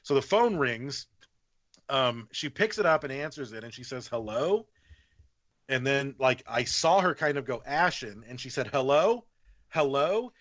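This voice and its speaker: A man's voice: mid-range voice, normal speed, dry recording. A man, a podcast guest, telling a story in casual chat, swearing freely and acting out what other people said. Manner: animated, profane, acts out other people's lines. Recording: slightly muffled podcast audio.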